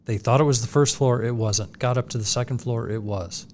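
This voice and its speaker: A man co-hosting a podcast, summing up points in a measured, steady way. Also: mid-range voice. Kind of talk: casual podcast discussion.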